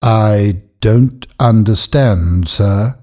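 A man playing a gentle old weaver. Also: fairly low pitch, extremely slow. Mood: pained. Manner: quiet, emotional.

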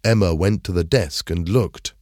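A man reading a simple story aloud in clear, measured narration. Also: deep voice, darkish tone, no echo, clean studio sound. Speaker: storybook reader. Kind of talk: scripted narration of a graded reader.

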